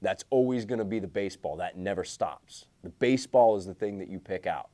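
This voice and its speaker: A man's voice: low voice, brisk, mellow. A man coaching a group of baseball players on hitting, blunt and emphatic, hammering his key points home by repeating them.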